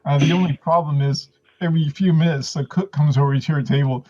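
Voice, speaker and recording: A man's voice: fairly high pitch, steady tone, brisk, mellow, highs cut off. A man doing a stand-up set over a video call, chuckling through his own jokes. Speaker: stand-up comedian.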